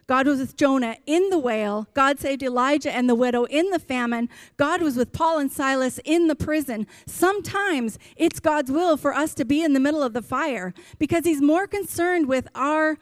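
A woman pastor delivers an impassioned sermon in a fairly high voice. She preaches emphatically and hammers her points with repetition. The sound is close and dry, with little room echo. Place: church.

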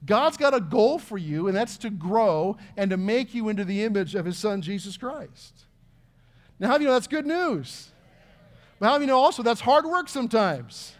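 A man's voice: high-pitched, animated, normal speed. A middle-aged man, preaching a sermon in an earnest, conversational way full of questions to the congregation. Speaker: pastor.

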